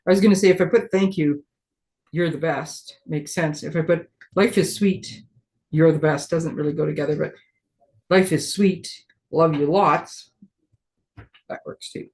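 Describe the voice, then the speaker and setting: A woman's voice: low-pitched, measured pace, long pauses, a little mellow. A friendly woman runs a casual live crafting demonstration and talks her viewers through each step. She thinks aloud while her hands stay busy. She makes light of her own clumsiness in an easygoing way. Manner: chatty, thinks aloud while working, self-deprecating.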